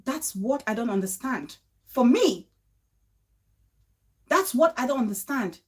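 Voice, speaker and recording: A woman's voice: a little high, animated, a little slow, husky. A woman hosting, reacting in casual commentary to a played clip, often breaking into laughter. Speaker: host.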